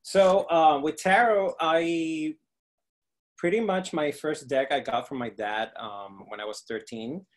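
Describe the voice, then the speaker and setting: A man's voice: fairly high pitch, unhurried. A man in his thirties, a guest tarot reader on a video call, laughing often and hesitating with ums. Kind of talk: casual video chat.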